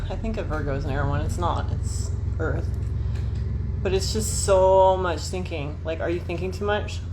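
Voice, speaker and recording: A woman in her forties, livestreaming astrology talk from home in front of her camera, chatting to viewers in a scattered, self-deprecating way with frequent swearing. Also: mid-range voice. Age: 40s. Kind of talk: rambling livestream chat.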